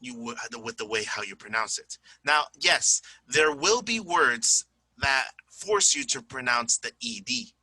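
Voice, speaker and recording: A man's voice: mid-range voice, expressive, measured pace, bright, forceful tone, slightly rough, no room sound, low-quality recording. A tired man teaching an English lesson, chatty and repeating examples aloud. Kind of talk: recorded classroom lesson.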